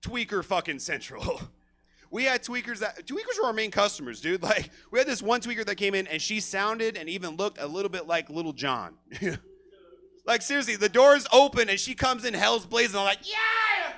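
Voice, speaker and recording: Male stand-up comic and emcee, high bright voice, brash crowd work on stage. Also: moderate pace. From Stockton, California. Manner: profane, energetic crowd work. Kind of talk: stand-up set. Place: comedy theater stage.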